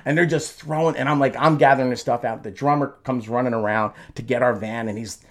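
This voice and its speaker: A man's voice: medium pitch, steady tone, brisk. A middle-aged man, a former band singer, tells a story in conversation with lots of restarts, jumping into raised voices to act out quotes.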